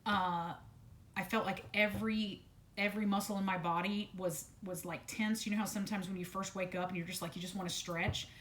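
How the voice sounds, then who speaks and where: A woman speaking unscripted to camera about a personal ordeal, halting with many restarts and repeated words and blunt swearing, while still detoxing from medication. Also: medium pitch, fairly even intonation, fairly bright tone. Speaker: vlogger sharing a personal story.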